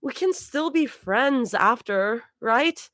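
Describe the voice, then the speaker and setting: A woman's voice: a little high, expressive, takes it slowly, fairly bright tone, no room sound, studio quality, pitched above the performer's own voice. A woman reading a fan story aloud, voicing a nervous, flustered young woman.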